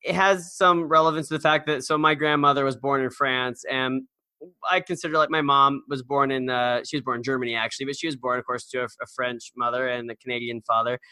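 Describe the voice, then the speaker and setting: A man's voice: mid-range voice, fairly even intonation, fast talker, pushed and bright, smooth, no echo. A man co-hosting a podcast in casual chat, rambling and storytelling with lots of fillers and restarts. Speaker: podcast co-host.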